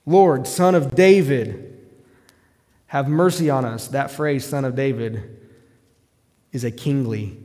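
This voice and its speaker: Male preacher, mid-pitched voice, sermon with scripture reading, long hall reverb. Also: vocal fry. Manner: reads scripture aloud, rising to loud shouts in quoted cries.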